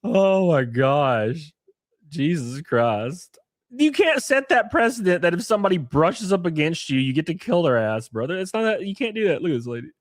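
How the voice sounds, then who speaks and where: A man's voice: fairly high pitch, sing-song, normal speed, no room sound, clean studio sound. A man in his thirties hosting a live stream, giving blunt, profane reaction commentary and talking straight to his chat.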